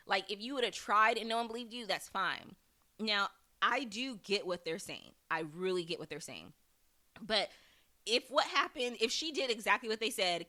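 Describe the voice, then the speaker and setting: Female podcast host, solo episode review: candid, profane, crisp bright tone. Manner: candid, profane, laughs often, mimics characters in high voices.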